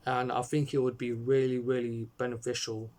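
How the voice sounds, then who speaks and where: A man talks through a short film review, hesitant and rambling, with constant fillers and restarts. He sits at a phone or webcam mic, and his voice sits at an ordinary middle pitch. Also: level tone, moderate pace, darkish tone.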